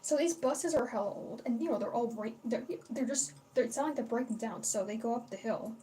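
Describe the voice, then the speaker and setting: A young woman hosts a casual livestream, rambling and chatting, swearing freely and greeting her chat along the way. Her voice is on the high side and warm, and she talks fairly quickly. The mic is distant, with faint background noise.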